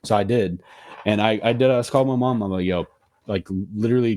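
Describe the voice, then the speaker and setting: A young man co-hosting a podcast, telling a story in a slangy, profane, animated way. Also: lowish voice, a little fast. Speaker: podcast co-host. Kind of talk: casual storytelling chat.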